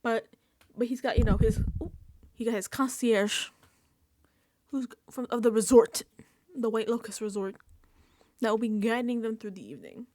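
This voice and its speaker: A woman's voice: fairly high pitch, moderate pace, pauses often, darkish tone, dry recording. A woman recapping a reality TV episode in a casual reaction vlog, sarcastic and exasperated, swearing freely.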